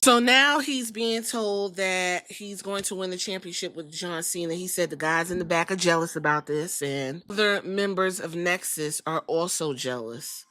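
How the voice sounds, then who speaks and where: A woman's voice: fairly low pitch, moderate pace, hardly any pauses, pushed and bright, no room sound. A woman hosting a podcast, recapping a story in blunt, profane, incredulous casual commentary. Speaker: podcast host.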